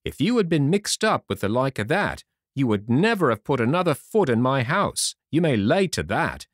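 A man voicing a hearty, cunning one-legged pirate innkeeper who talks loud and commanding. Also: mid-range voice, sing-song, normal speed, no room sound, clean studio sound, voice pushed up. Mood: stern.

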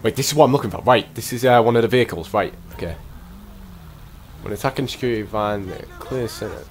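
A man's voice: lowish voice, quick pace, a little hiss or hum. Frantic man commentating gameplay. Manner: frantic, exclaiming, muttering to himself. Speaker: gameplay streamer.

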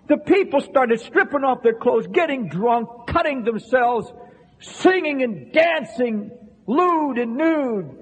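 A man preaching an impassioned sermon to a congregation in a church, repeating phrases and shouting at the peaks. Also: very high voice, lively intonation, slow pace, breathy edge. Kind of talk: fiery revival sermon. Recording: long reverberant hall sound.

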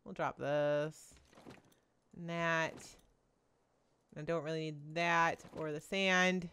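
A woman giving excitable gameplay commentary, narrating her own moves aloud to her viewers. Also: sits low, slow pace, slight background noise. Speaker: gaming video creator.

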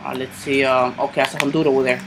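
Excitable, cursing young-sounding man gaming. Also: medium pitch, quick pace, background noise. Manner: excitable, swears constantly, yelps at sudden moments. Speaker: gamer doing live commentary. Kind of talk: casual gameplay commentary.

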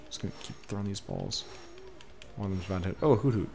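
Gaming streamer, male, lowish voice, chatty and excitable, faint game music under him. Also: fast talker. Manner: excitable, talks to the creatures on screen. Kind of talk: casual let's-play commentary.

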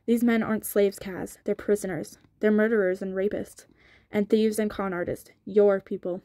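A woman reading the lines of a hot-tempered young female soldier in a storybook reading, indignant and sharp. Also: mid-range voice, fairly even intonation, normal speed, dry recording, studio quality, close to an everyday voice. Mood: angry.

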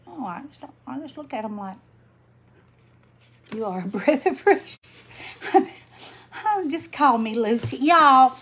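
A woman's voice: fairly high pitch, a little hiss or hum. An older woman chatting folksily on a livestream, greeting viewers by name and sounding tired. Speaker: livestream host. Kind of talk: casual livestream chat while crafting.

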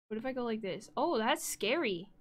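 A woman livestreamer chatting casually and directly to her viewers, flustered and talking things through out loud. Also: a little high. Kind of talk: casual live-stream chat.

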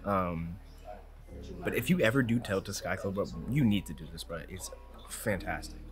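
A young man vlogs in a loose, slangy, joking way, with a fairly low voice. Music plays clearly under his talk throughout. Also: lively intonation, moderate pace. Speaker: vlogger. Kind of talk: casual travel vlog.

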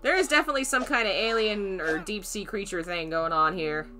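A woman's voice: mid-range voice, brisk, pushed and bright, a little hiss or hum. A woman streaming a horror game, chatting casually, thinking aloud, greeting viewers and laughing often. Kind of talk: casual let's-play commentary.

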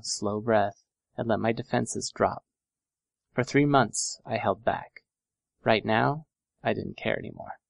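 Gravelly low-voiced man reading aloud. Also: no room sound. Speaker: audiobook narrator. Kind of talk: first-person audiobook narration.

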